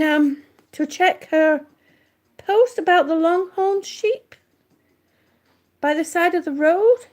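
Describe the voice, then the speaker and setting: A high-pitched woman, out of breath, chatting slowly and easily to viewers on her livestream. She talks in unhurried, looping sentences, trailing off and starting over as she reads their comments and greets them one by one. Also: a little mellow. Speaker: livestream vlogger. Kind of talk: casual livestream chat reading comments.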